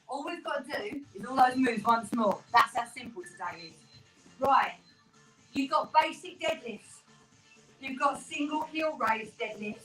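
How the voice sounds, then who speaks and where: A woman runs a home workout, upbeat and encouraging as she counts reps, a little out of breath. Her voice sits high and bright. It is picked up from across a small, echoey room with faint music behind her. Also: expressive, measured pace. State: slightly out of breath. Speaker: fitness instructor. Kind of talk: live home workout coaching. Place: small room in a terraced house. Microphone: no microphone, camera mic from across the room. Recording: roomy, distant, with workout music.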